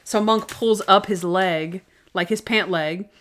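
A chatty woman talks casually as a podcast co-host, walking through favorite moments from a TV show. She keeps it loose and conversational, breaking into quick quoted lines from the scenes she describes. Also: mid-range voice, fairly bright tone. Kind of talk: casual chat recapping a TV show.

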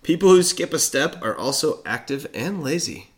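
A man's voice: a little high, very animated, moderate pace. A man co-hosting a casual podcast, laughing often and tripping over his words. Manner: laughs often, stumbles and restarts. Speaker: podcast co-host. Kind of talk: casual banter.

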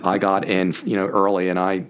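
Older man from Philadelphia, podcast guest, slightly low voice, animated storyteller. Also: moderate pace, smooth. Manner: animated, acts out quoted voices. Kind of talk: casual storytelling.

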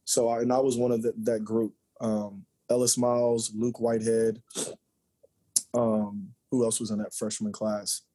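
A man in his forties, a former college basketball player, telling lively, joking stories as a podcast guest. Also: on the low side, a little slow, breathy edge. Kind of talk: storytelling interview chat.

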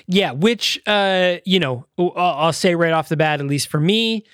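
A man's voice: high voice, unhurried, a bit bright, dry recording, studio quality. A man co-hosting a movie-review podcast, talking loosely with many fillers and restarts. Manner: rambling, lots of fillers and restarts. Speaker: podcast co-host. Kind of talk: casual movie-review chat.

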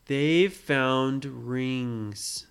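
A woman improvises a bedtime story for a child, with a low, animated voice. She keeps drawing the listener in with questions about what happens next. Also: extremely slow, smooth.

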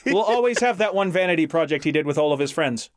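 Male podcast co-host, higher lively voice, crude joking banter. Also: fast. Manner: crude jokes, frequent laughter. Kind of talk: casual comedic banter.

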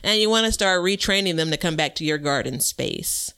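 An upbeat man co-hosting a gardening chat and giving friendly tips. His voice sits fairly high for a man and sounds bright and crisp. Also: lively intonation, brisk. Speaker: podcast co-host. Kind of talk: casual chat about gardening.

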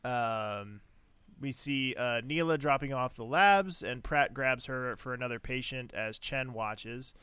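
A man recaps a TV episode in an animated, chatty way and laughs easily. His pitch is ordinary. The sound is dry and close, with no room echo. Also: unhurried, clear, resonant tone. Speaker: podcast host.

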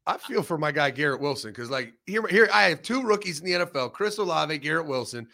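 A man co-hosting a casual sports talk show, blunt and profane, giving animated opinions. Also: a little high, fast, creaky.

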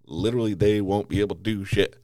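A man's voice: on the low side, steady tone, fast, a little mellow, dry recording, clean studio sound. A man hosting a podcast, delivering an angry political rant full of swearing and stumbling restarts. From United States. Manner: heavy swearing, repeated restarts.

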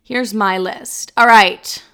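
A woman's voice: medium pitch, slow pace, clear, resonant tone. Blunt, profane woman podcast host. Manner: blunt, profane, rambling and animated. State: sick and over-caffeinated. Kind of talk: casual solo podcast chat.

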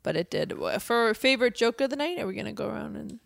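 Woman podcast cohost, laid back, gravelly, dry close sound. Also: fairly high pitch, animated, fast talker, dry recording. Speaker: podcast co-host. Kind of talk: casual chat.

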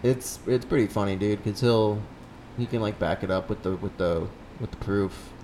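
Lowish-voiced man in crude podcast banter. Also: moderate pace, dark tone, slight background noise. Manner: crude joking, does silly quoted voices. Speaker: podcast co-host. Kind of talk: casual chat.

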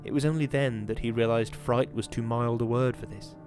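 A man hosting a podcast, giving a measured, dramatic reading of a horror novel and then chatting about it. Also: mid-range voice, steady tone, over music. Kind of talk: dramatic reading and casual commentary.

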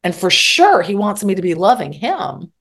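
Very animated and at a moderate pace, this middle-aged woman therapist speaks in a medium-pitched voice as a guest, giving candid relationship advice with some mild swearing. She frequently acts out both people in an argument.

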